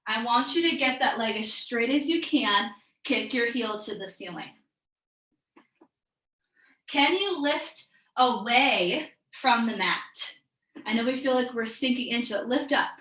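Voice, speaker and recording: Female yoga instructor, bright upbeat cueing, a little breathless, echoey room. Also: fairly high pitch, expressive, unhurried, pauses often. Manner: upbeat, encouraging, calls out breaths and poses. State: a bit out of breath. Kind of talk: live online yoga class cues.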